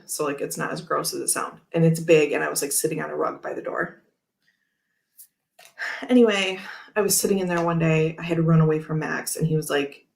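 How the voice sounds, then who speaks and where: Handling cards on a relaxed tarot livestream, a thirtysomething woman rambles through readings and stories in a chatty way, frequently laughing. Her voice is somewhat low and creaky.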